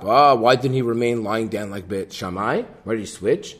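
Lively man teaching a Gemara class. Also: on the low side, moderate pace. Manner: lively, switches between Hebrew-Aramaic text and English explanation. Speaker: Talmud teacher.

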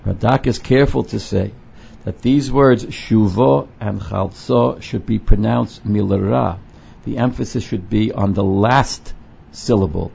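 Slow, gravelly man teaching Psalms. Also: lowish voice, darkish tone. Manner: translates Hebrew phrases slowly, repeating and rephrasing. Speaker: Torah teacher. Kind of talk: verse-by-verse Psalms lesson. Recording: dull lo-fi recording.

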